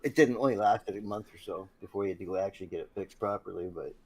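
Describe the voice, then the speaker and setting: A man's voice: fairly low pitch, quick pace, a little mellow. A man in his fifties telling a funny road-trip story in casual chat, swearing and laughing along the way. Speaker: streamer telling stories.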